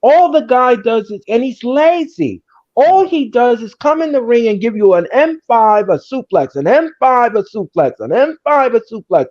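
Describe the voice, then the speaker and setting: A man hosting a casual wrestling chat, ranting and hammering the same words again and again. His pitch swings widely as he talks. The audio is dull and lo-fi. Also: big pitch swings, moderate pace, a little mellow. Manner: ranting, repetitive and emphatic. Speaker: podcast host.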